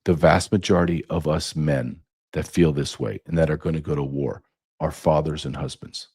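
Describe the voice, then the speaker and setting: A man's voice: very deep voice, darkish tone, breathy edge. A middle-aged man hosting a podcast, delivering an angry, profane monologue full of rhetorical questions. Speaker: podcast host. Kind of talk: impassioned monologue.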